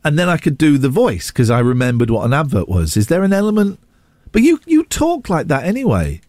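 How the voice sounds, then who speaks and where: A man's voice: fairly high pitch, wildly swooping pitch, fairly quick, darkish tone, dry recording. A man presenting a morning radio show, playful and upbeat, with sing-song asides. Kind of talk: lively morning radio chat. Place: radio studio. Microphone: studio microphone.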